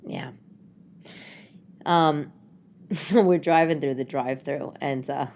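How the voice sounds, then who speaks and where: Her slightly low, gravelly voice is a little mellow, and the recording has a faint hiss or hum. This chatty New Yorker hosts a podcast, rambling through stories at home and cutting herself off with asides, as casual as a living-room chat with a friend.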